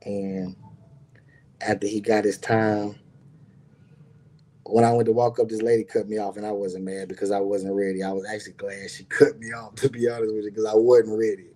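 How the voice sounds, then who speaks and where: A man's voice: on the low side, level tone, moderate pace, warm tone. A man telling a personal story in casual talk, rambling and repeating words, acting out the people he quotes. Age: adult with grown son.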